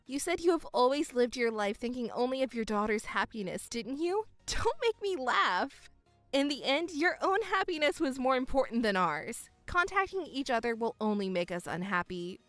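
A woman voicing a calm, cold young stepdaughter in a dramatized story, speaking in a measured, coolly firm way. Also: a little high, dry recording, soft background music. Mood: composed.

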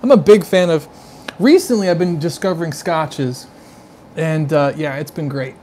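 On a relaxed live stream, this male host raves about the food he's sampling and rambles to his viewers in loose, chatty asides. He speaks at a moderate pace in a fairly high voice with a dark tone, exclaiming over every taste and smell. A slight hiss or hum runs in the background.

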